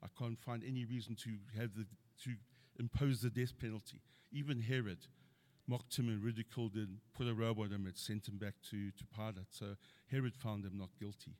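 A man's voice: on the low side, steady tone, brisk, darkish tone. A middle-aged man preaching a sermon, earnestly quoting scripture and building to emphatic points.

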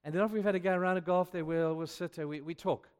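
With a smooth, high voice and quick pace, an older preacher delivers sermon storytelling. He gets more animated as he acts out dialogue in a rising voice, and long hall reverb surrounds the sound.

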